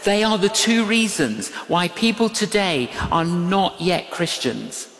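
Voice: mid-range voice, fairly bright tone. An older preacher giving a sermon, telling a story with emphatic repetition and quoted dialogue. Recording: echoey hall with long reverb.

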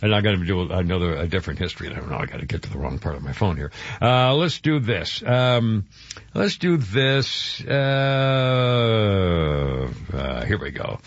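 A man's voice: low-pitched, lively intonation, normal speed, no room sound. A man hosting a radio show, chatting in a rambling way and stumbling over his words. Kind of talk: morning radio chat. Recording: dull, dry radio broadcast.

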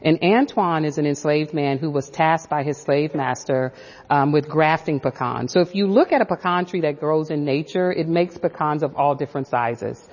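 Low-voiced, reflective woman professor. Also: normal speed, darkish tone, long reverb tail, highs cut off. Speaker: professor and author. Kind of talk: radio interview.

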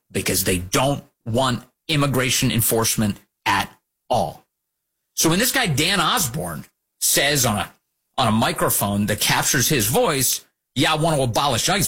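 Animated, mocking talk host. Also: male voice, fairly high pitch, breathy edge. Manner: animated, mocking, acts out quotes. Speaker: political talk show host. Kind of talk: opinionated political commentary.

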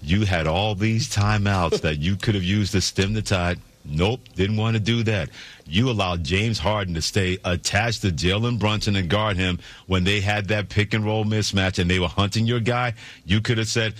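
Man, sports talk host, sardonic, bright tone, dry sound. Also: on the low side, normal speed, dry recording. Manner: sardonic, storytelling. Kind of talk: sports talk show commentary.

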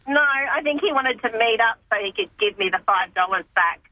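Wry middle-aged woman caller, bright voice. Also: a little high, lively intonation, normal speed, no room sound, low-quality recording. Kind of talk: telling a story on the phone.

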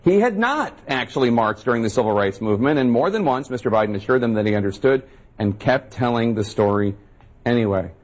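A man anchors a news segment in a measured, wry way. His voice is slightly husky. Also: medium pitch, expressive. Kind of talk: news commentary.

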